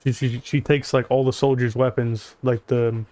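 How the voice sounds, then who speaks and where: A man chats casually over a video game at a middle pitch. He rambles and stumbles through his story and drops in dry, sarcastic jokes. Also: little pitch movement, moderate pace, warm tone. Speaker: gaming YouTuber. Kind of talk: casual commentary over gameplay.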